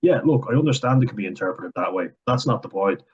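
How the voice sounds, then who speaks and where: Young Irish commentator, blunt and sweary, low husky tone; lo-fi recording. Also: male voice, lively intonation, fast. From Ireland. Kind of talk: casual reaction commentary.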